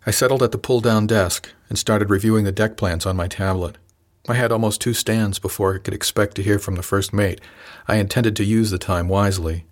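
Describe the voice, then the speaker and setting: A man with a fairly low voice reads a first-person novel aloud in a measured, calm way. His delivery is scripted and steady. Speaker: audiobook narrator.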